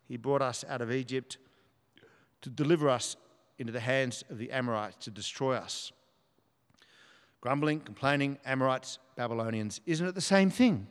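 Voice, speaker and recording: Man preaching a sermon in a reverberant church. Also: medium pitch. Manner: earnest, reads scripture aloud with emphasis. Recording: long hall reverb.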